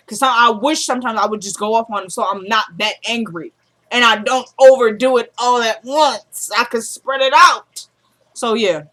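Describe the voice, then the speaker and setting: Eine Frau mit Südstaatenakzent, die locker eine Serienfolge nacherzählt und die Figuren mit tieferer Stimme zitiert. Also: female voice, sharp tone. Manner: retells scenes, quoting characters in a lowered voice. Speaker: TV episode recap vlogger. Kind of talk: casual recap chat.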